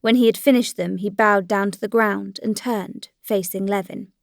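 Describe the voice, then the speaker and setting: A woman narrating a classic novel in a measured, even storytelling manner. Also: mid-range voice, gravelly, dry recording, clean studio sound. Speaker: audiobook narrator. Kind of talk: scripted narration.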